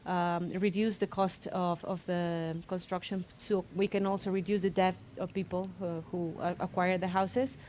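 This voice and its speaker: A woman's voice: fairly low pitch, level tone, moderate pace, few pauses, darkish tone, slight background noise. A woman architect speaking at a public panel, hesitant and reflective, with many fillers. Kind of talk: panel discussion. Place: public talk event.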